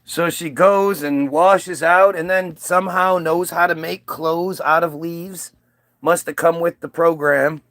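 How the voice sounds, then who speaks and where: A man's voice: on the high side, steady tone, measured pace, a bit bright, no echo, clean studio sound. A male comedian telling a crude, rambling comic story with frequent restarts.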